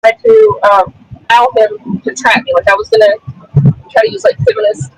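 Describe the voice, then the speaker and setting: A woman's voice: very high voice, big pitch swings, brisk, no room sound. A woman with a Southern accent, a debater chatting casually on a phone call from her car, rambling with fillers. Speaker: debater, panel guest. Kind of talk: casual chat. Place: in a car, driving.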